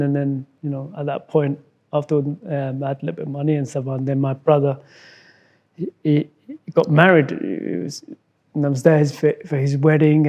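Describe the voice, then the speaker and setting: Soft-spoken man from Somalia recounting his past. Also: on the high side. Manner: halting, repeats words, acts out quoted dialogue. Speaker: interview guest. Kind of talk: emotional personal storytelling.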